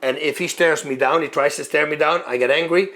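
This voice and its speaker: A former fighter telling a long story in a lively way, acting out moves and sounds as he goes. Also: a little high, fairly quick. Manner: animated, acts out moves and sounds. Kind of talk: storytelling monologue.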